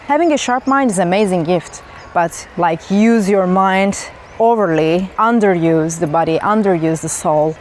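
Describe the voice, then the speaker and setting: A woman's voice: medium pitch, darkish tone. Woman, spontaneous spiritual talk, musing, rhetorical questions, outdoors in a forest, faint background noise. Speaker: spiritual vlogger.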